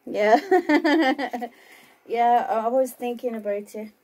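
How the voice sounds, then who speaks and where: A woman reads scripture at a very slow, deliberate pace. Her voice is mellow and slightly high. She sounds like she is hosting a broadcast from home. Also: rough recording. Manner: slow, deliberate reading; chatty and laughing on the phone. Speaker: host reading scripture.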